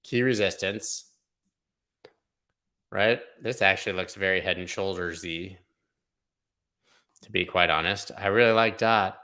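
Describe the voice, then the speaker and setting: Bright-voiced man rambling over market charts. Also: deep voice, a little slow, pauses often. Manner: rambling, jokey, thinks aloud. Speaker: crypto market analyst host. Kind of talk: casual livestream chart commentary.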